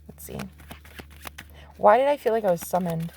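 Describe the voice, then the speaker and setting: A woman giving a casual tarot reading to her viewers, excitable and swearing freely, swinging from hushed asides to loud exclamations. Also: medium pitch, normal speed, vocal fry, slight background noise. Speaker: psychic medium and tarot reader.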